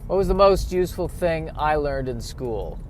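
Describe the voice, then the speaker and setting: A man's voice: a little high, lively intonation, moderate pace. A man rambling to the camera from a car in traffic, sarcastic and self-mocking, with bursts of mock outrage. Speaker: vlogger. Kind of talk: rambling solo monologue.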